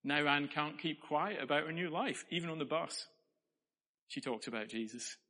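A man's voice: a little high, normal speed, sharp tone, in a large hall. A man preaching a sermon in a church, earnest and conversational, with playful asides to the congregation.

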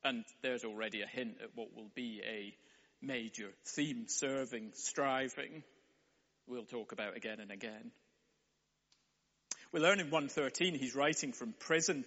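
A man's voice: medium pitch, a bit bright. A man preaching a sermon in a wry, conversational way. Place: church hall. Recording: echoey hall, dull sound.

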